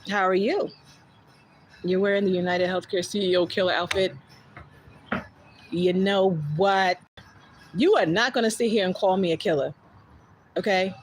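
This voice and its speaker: A woman's voice: medium pitch, fairly even intonation, moderate pace, pauses often, slight background noise, rough recording. A woman with a New Jersey accent chatting casually on a livestream, blunt and candid, swearing freely and answering viewer comments. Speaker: livestream host.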